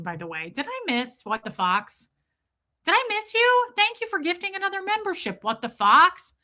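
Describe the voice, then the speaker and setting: A woman's voice: on the high side, sharp tone. A woman in her forties chatting animatedly, telling a story to a live chat and breaking off to greet viewers. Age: 40s. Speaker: livestream host.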